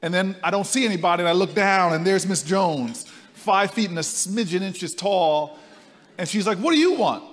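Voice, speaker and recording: A man giving a speech to a live conference audience, telling a story with animated swings between loud and soft. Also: high-pitched, moderate pace. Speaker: speaker at a conference. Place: large conference hall. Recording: reverberant hall.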